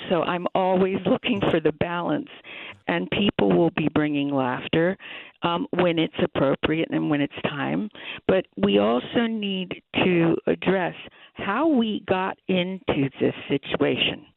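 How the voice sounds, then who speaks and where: A woman's voice: low voice, gravelly, no room sound. A middle-aged woman, a musician, answering interview questions in an earnest, thoughtful way. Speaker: musician guest. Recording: phone-like, dry line.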